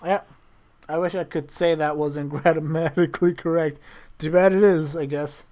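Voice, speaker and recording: A man with a slightly higher voice reads a novel aloud, casual and unpolished. He stops often for wry, joking asides and chuckles at the writing. The delivery is loose, chatty stream reading. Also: steady tone, normal speed, dark tone.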